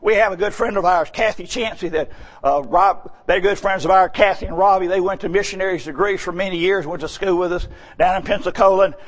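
Man, preacher, high voice, shouting sermon, folksy storytelling. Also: fairly quick.

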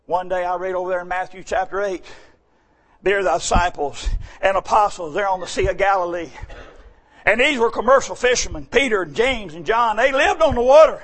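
Pastor guy preaching loud, real high voice, middle-aged. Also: fairly quick. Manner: shouting preaching cadence, dropping to quiet storytelling. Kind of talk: sermon.

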